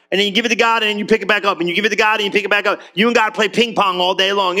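High-voiced, bright, animated male preacher. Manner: animated, conversational, swinging between loud bursts and low drawn-out lines; acts out quick voices and jokes with the congregation. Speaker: pastor. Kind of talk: energetic sermon.

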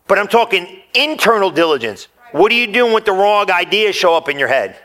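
A man preaching a sermon in church, energetic and joking with the congregation, sometimes rising close to a shout. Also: high-pitched, a little fast. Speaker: pastor.

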